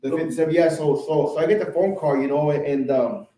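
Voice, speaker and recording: A man's voice: on the high side, fairly even intonation, a little fast, warm tone, a little hiss or hum. A man guest on a podcast, a car painter, telling rambling, laid-back stories in casual chat. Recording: roomy echo.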